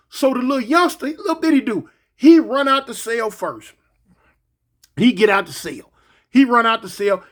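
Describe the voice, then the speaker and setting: A man tells a story in an animated way, repeating phrases and adding sound effects. His voice sits high for a man.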